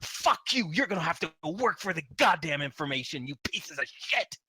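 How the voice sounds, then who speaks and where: Man playing a foul-mouthed captive thug, snarling, bright, swearing and yelling. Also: measured pace, dry recording, low-quality recording. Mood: defiant. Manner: snarling, swearing, pitch leaps up when yelling. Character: defiant terrified male criminal prisoner, foul-mouthed.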